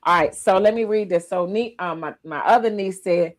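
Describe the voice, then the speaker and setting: A woman hosting a casual livestream podcast, lively and emotional, teary-eyed as she talks. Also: mid-range voice, normal speed. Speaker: podcast host.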